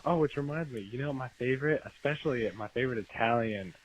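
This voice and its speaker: A man's voice: medium pitch, quick pace, slight background noise. A man leaving a rambling casual voicemail for a podcast, going through his points one by one. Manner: rambling, lists points of business. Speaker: voicemail caller. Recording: dull lo-fi voicemail.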